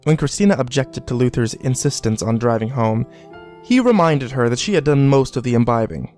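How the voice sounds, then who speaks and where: A man reading a scripted horror story in a measured, deliberate way. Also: medium pitch, animated, darkish tone. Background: faint background music.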